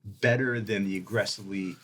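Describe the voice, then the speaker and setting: Low-pitched guy game-mastering, calm descriptive scene narration. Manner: descriptive, measured scene-setting.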